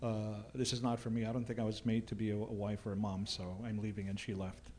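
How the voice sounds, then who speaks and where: A man, a ghost tour guide telling stories in a relaxed way with dry humor and plenty of fillers. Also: lowish voice, quick pace, a little hiss or hum. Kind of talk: casual storytelling chat.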